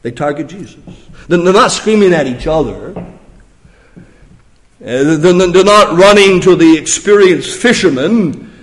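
A man preaching a sermon in a slightly high voice. He drops to a hush, then rises into loud, emphatic questions. His voice trails off into a long reverb from a large hall. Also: expressive, unhurried, pauses often. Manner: dramatic, swings from hushed to loud emphatic questions. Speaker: pastor.

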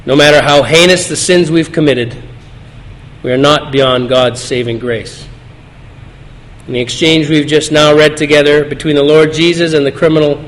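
Male preacher, earnest and measured, slightly high voice, long church reverb. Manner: earnest, measured scripture reading. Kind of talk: sermon. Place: church sanctuary.

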